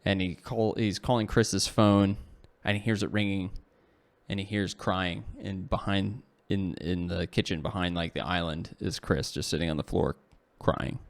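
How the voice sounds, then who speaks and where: Here a podcast co-host tells a long, loose story in a low, gravelly voice at normal speed, his intonation fairly even. He peppers it with "like" and "you know," corrects himself repeatedly, and tosses in jokes at his own expense.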